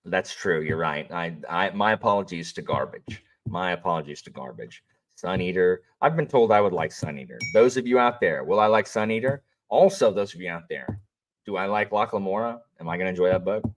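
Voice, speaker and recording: This deep-voiced man is expressive and talks a little fast while streaming. He's an audiobook narrator hosting a casual livestream chat, rambling along, greeting viewers, and constantly using fillers and restarting sentences.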